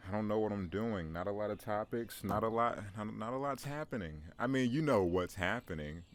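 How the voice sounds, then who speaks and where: Low-voiced guy in his 20s rambling on his solo podcast from home, jokey, keeps restarting, says bro a lot. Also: fairly quick. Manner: rambling, self-deprecating, joking, many restarts and "bro". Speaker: podcast host. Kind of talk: solo morning podcast monologue. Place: at home, in view of his backyard.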